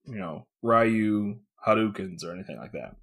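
A man's voice: lowish voice, animated, normal speed, gravelly, fairly bright tone. A man co-hosting a podcast, chatting casually about a comic book, swearing, laughing often and acting out the characters' lines. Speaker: podcast co-host.

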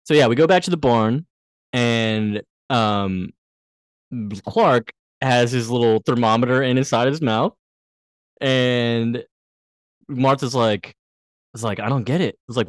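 A man's voice: medium pitch, a little slow, long pauses, dry recording, studio quality. A man co-hosting a casual podcast, retelling a TV episode and acting out the characters' lines. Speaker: podcast co-host recapping a TV episode. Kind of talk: casual chat.

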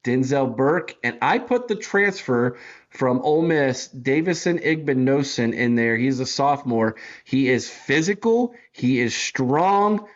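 Casual podcast co-host, dull sound. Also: male voice, mid-range voice, animated, unhurried. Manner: talks through player lineups, stumbling over names. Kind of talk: casual sports chat.

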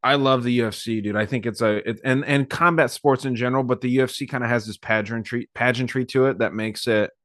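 A young man co-hosting a podcast, chatting excitedly and swearing often. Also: medium pitch, fast talker, few pauses, no echo, studio quality. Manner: excited, swearing, quoting in raised voice. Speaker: podcast co-host. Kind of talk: casual podcast chat.

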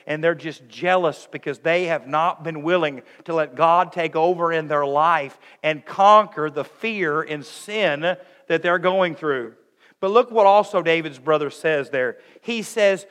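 A man's voice: fairly high pitch, normal speed. Emphatic preacher man in echoing hall. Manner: emphatic, swinging between raised and hushed delivery. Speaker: pastor. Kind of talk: sermon.

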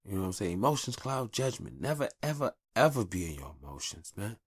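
A man in his thirties hosting a podcast, giving casual advice in a blunt, profane, animated monologue recorded at a home mic. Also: fairly low pitch, fast talker, slightly rough, dry recording, studio quality. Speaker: podcast host.

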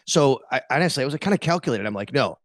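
A man's voice: mid-range voice, rapid-fire, dry recording. A middle-aged man, a sports beat reporter, talking casually as a guest and telling stories animatedly, quoting himself. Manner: animated storyteller, quotes himself, many fillers. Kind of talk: casual interview talk.

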